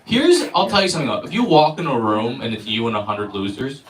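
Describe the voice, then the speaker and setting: A man's voice: mid-range voice, quick pace, slight background noise. A man doing a stand-up set, telling stories and acting out the voices of people in them. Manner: animated storytelling, acting out voices. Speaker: stand-up comedian. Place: comedy club stage. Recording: echoey club from far off. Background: audience laughter.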